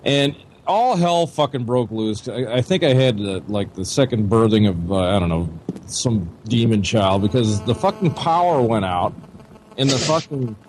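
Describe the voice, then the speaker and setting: Midwestern man, swearing, rambling storyteller, mid-pitched, light hiss behind. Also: animated, normal speed, darkish tone, rough recording. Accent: American Midwest. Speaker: podcast co-host. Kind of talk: casual chat. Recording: faint background noise.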